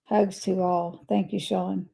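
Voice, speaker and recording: A woman's voice: medium pitch, little pitch movement, slow pace, vocal fry, husky, rough recording. An older woman hosting a casual livestream, reading viewer comments aloud and replying to them in a chatty way. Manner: chatty, reads messages aloud and replies warmly. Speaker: livestream host.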